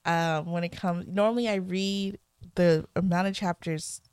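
A woman co-hosting a podcast, chatting excitably with frequent laughter and quick asides. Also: fairly low pitch, clear, resonant tone, dry recording, clean studio sound. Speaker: podcast co-host. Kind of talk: casual podcast chat.

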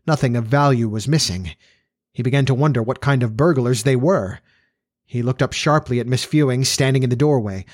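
A man narrating an old-fashioned story in a steady, even storytelling manner. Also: mid-range voice, brisk, no echo, studio quality. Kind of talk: audiobook narration.

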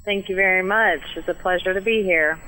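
Bright-voiced Southern woman guest. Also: lowish voice, fairly quick, faint music behind, low-quality recording. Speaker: guest author. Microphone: phone line.

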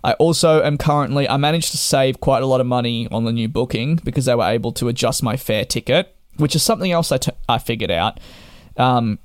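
A young man talks straight to camera, recounting his troubles with emphatic exasperation. His voice sits at an ordinary middle pitch, and the recording is close and dry with no room sound. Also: a little fast, no room sound. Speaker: travel vlogger. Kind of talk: casual monologue to camera.

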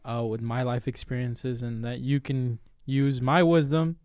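A man's voice: medium pitch, little pitch movement, a little slow, darkish tone, smooth, dry recording, studio quality. A man co-hosting a podcast in casual chat, loose and profane, given to joking. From Mexico. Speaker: podcast co-host.

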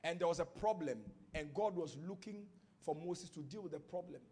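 A man's voice: on the high side, moderate pace, husky. A Ghanaian man preaching a sermon as pastor, teaching from scripture and building up to fervent declarations. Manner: builds from quiet teaching to shouted prophetic declarations.

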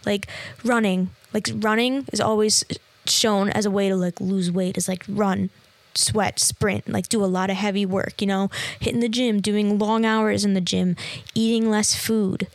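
A woman's voice: mid-range voice, fairly even intonation, unhurried, dry recording. Young woman from new york rambling about the gym, lots of "like", dead dry close mic sound. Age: young adult. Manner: chatty, filler-heavy, lots of "like". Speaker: podcast host and fitness trainer. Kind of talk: casual solo podcast chat. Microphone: close podcast mic.

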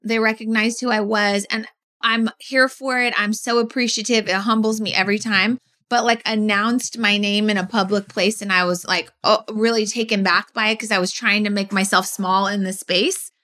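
Bright-voiced chatty woman podcaster. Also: mid-range voice, moderate pace. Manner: animated, acts out quotes. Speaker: podcast co-host. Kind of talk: casual chat.

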